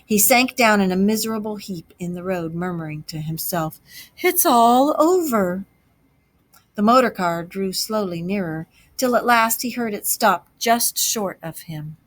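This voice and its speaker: A woman teacher narrating a children's storybook aloud with expressive, dramatic delivery. Her voice sits at an ordinary middle pitch. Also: moderate pace, hardly any pauses.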